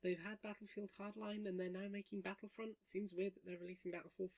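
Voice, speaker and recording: A man's voice: high-pitched, level tone, fast talker, a little mellow. Man, podcast host, chatty games news, wry, rambling, fillers. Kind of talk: casual gaming news chat. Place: room, friends round a table.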